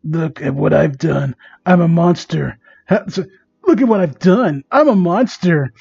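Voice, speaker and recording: Brief: man playing a self-pitying dark boy hedgehog from a fan story, lowered quiet voice, muffled lo-fi audio. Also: a little slow, creaky, slightly rough, full character voice. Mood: remorseful. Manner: lowered, hushed put-on voice. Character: brooding remorseful male cartoon hedgehog. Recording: dull lo-fi recording.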